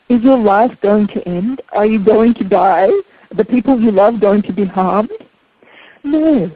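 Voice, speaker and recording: A woman speaking coach giving an earnest, expressive teaching talk, acting out anxious inner voices as she explains. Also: medium pitch, dry recording. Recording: tinny phone-like line.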